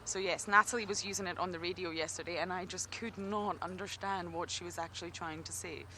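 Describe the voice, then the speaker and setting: A woman's voice: lowish voice, steady tone, a little fast, bright, forceful tone, slight background noise. A Scottish woman from Scotland, a safari guide giving chatty, good-humoured live game drive commentary. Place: outdoors in an open game vehicle.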